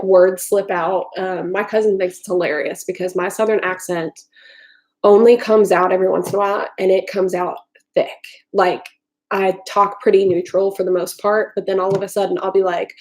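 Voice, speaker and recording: A woman's voice: fairly low pitch, a little mellow. Rambling, foul-mouthed woman live streaming. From Tennessee, US. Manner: rambling, profane, lots of "like" and "um". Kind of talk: casual live-stream chat. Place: home kitchen. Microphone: desktop computer mic.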